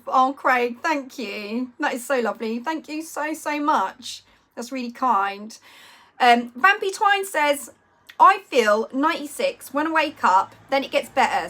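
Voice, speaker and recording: A woman, chatting casually on a live stream and reading out viewers' comments. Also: sits high. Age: 40s. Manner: chatty, rambling, warmly reacting to viewers' messages.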